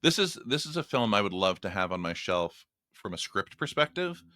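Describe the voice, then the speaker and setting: A man appearing as a guest on a podcast, talking about a film in a thoughtful, halting way with many restarts. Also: fairly low pitch, very animated, sharp tone, no echo, clean studio sound. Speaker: podcast guest, writer and critic. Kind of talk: casual film discussion.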